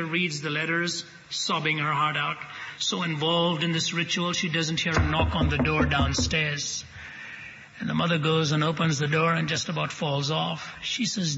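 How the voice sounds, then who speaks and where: Bright-voiced preacher in a big hall. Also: male voice, on the high side. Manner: animated, humorous storyteller. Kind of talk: sermon storytelling to a live audience. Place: church hall with audience. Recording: lo-fi live recording in a reverberant hall.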